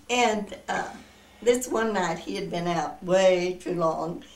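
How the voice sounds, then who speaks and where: Older woman, lowish voice, chatty storyteller, recorded from across an echoey room. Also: very slow, recorded from a distance, crowd noise. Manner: lively, laughing storyteller. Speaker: interviewee. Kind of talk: storytelling in a family interview.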